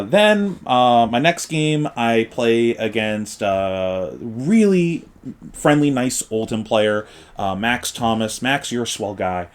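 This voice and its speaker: A man casually telling the story of a card game tournament, animated and full of filler words. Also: medium pitch. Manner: animated, acts out quotes, lots of fillers like "like" and "uh".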